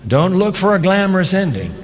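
A man preaching a sermon as pastor, animated, with rhetorical questions and emphatic repetition. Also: high voice, fairly quick, big-room sound, slight background noise.

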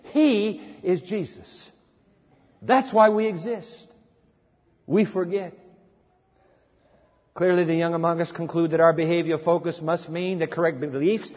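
Preacher, male, high and husky voice, dramatic swings, lo-fi echoey church recording. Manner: dramatic, swings from emphatic to hushed; asks the congregation questions. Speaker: pastor. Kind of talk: sermon. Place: church or campus hall. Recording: lo-fi sermon recording in a reverberant hall.

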